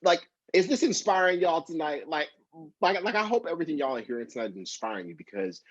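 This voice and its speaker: Male host, motivating listeners; husky tone, dull dry recording. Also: fairly high pitch, big pitch swings, fast talker, a bit bright, no room sound. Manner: encouraging, many fillers and repeats. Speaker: podcast host and co-founder. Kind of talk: interview and motivational talk.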